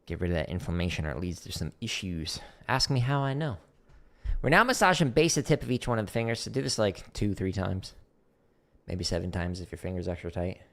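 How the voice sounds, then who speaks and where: A man's voice: deep voice, brisk. A man teaching drum technique on a casual livestream, explaining exercises as he demonstrates them. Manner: relaxed, explanatory, talks while demonstrating. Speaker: drum teacher streaming practice.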